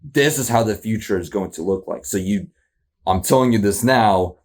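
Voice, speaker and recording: Speaking at a moderate pace in a lowish voice, this man rambles through casual reaction commentary as host. He laughs a lot and keeps asking questions in disbelief.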